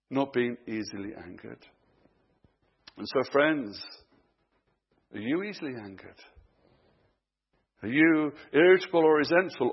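A man preaching a sermon, moving between hushed, slow emphasis and raised, urgent questions to his listeners. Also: mid-range voice, vocal fry, slightly rough, dull audio.

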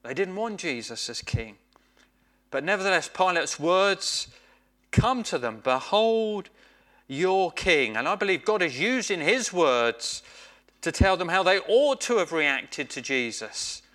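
A man preaching a sermon, slow and emphatic, often repeating phrases for weight. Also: high-pitched, big pitch swings, a bit bright.

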